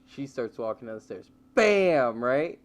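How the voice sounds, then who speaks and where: A man co-hosting a casual comedy podcast, telling a story in an animated way and acting out the voices. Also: mid-range voice, normal speed, slight background noise. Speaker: podcast co-host.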